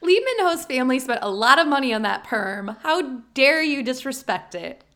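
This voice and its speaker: A woman co-hosting a relaxed podcast, her voice a little high. She laughs often and turns earnest when she asks listeners for favors. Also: moderate pace. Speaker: podcast co-host. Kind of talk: casual chat.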